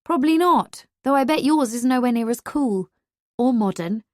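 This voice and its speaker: Teasing sharp-tongued young woman, as a narrator puts her on. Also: high-pitched, dry recording, studio quality, voice pushed up. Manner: teasing, deadpan, quick comebacks. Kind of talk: audiobook character voice.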